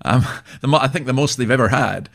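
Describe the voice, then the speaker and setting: A man's voice: mid-range voice, fast talker, gravelly. A middle-aged Scottish man, a minister, talking casually as an interview guest, chatty and self-deprecating with many restarts. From Scotland.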